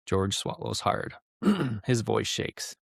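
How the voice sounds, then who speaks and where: A man's voice: lowish voice, takes it slowly, creaky, husky, no room sound, clean studio sound. A man hosting a podcast, talking casually with lots of ums and telling a cautionary story. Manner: relaxed, frequent ums and uhs, conversational. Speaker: podcast host.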